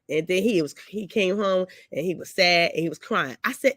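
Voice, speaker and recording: A woman on a discussion panel, telling a story about her son in a casual, lively way. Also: on the low side, brisk, no echo. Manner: storytelling, animated when quoting herself. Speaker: panel guest, mother.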